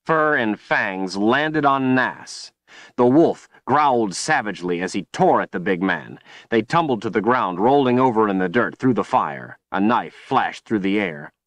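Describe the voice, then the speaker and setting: A man reading an audiobook in steady, grave scripted narration on a close studio mic. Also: lowish voice, dry recording.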